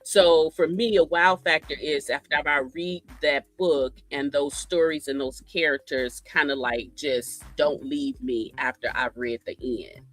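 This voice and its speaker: A man's voice: fairly high pitch, fairly even intonation, measured pace, hardly any pauses, a bit bright, dry recording. A man co-hosting a casual book podcast, talking reflectively with many fillers. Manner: reflective, lots of "you know" fillers. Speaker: podcast co-host. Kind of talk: casual chat.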